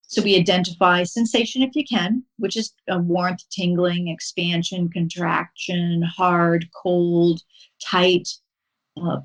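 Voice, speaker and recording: A woman guest on a podcast interview, calmly and patiently explaining a mindfulness practice step by step, pausing now and then with an um. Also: on the low side, poor audio. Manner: calm, instructive, unhurried with frequent um pauses. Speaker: podcast guest, horse-assisted wellness coach.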